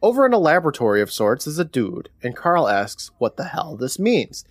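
A man's voice: on the high side, big pitch swings, moderate pace, dry recording. A man co-hosting a podcast, recapping a TV episode in a casual, sarcastic, joking way. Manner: sarcastic, jokey storyteller. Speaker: podcast co-host.

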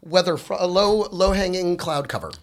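A man's voice: high-pitched, moderate pace. A man, a comedian and podcast co-host, joking and mocking himself in casual banter. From United States. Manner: joking, self-mocking, animated.

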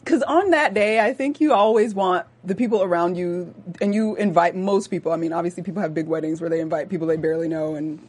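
Husky-voiced woman, emphatic and opinionated. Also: fairly even intonation, fast talker, hardly any pauses, darkish tone. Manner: emphatic and opinionated, pitch jumping up when riled. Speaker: co-host. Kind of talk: casual chat recapping a TV episode.

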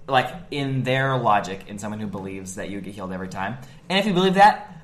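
A man's voice: on the low side, animated, quick pace, echoey room. A young man co-hosting a casual faith podcast, explaining his reasoning step by step and often checking in with "right?". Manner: explaining point by point with frequent "right?". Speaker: podcast co-host.

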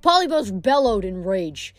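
A woman's voice: mid-range voice, sing-song, a little slow, dry recording, soft background music. A woman reading a novel aloud, with occasional stumbles and self-corrections. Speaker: audiobook reader.

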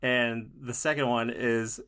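A man co-hosting a podcast in casual chat, upbeat and quick to laugh. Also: mid-range voice, steady tone, sharp tone, clean tone. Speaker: podcast co-host.

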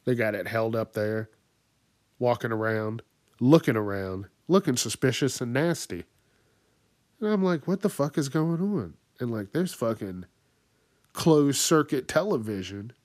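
In clean studio sound without echo, a man at medium pitch rants furiously on his podcast, cursing nonstop. He imitates other people by raising his voice, all as part of a profanity-laced monologue.

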